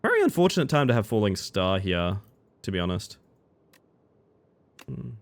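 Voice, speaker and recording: Casual gameplay commentary from a man streaming cards: he talks to chat as he plays, animated and prone to jokey, overdramatic outbursts. His voice is lowish and his pace moderate.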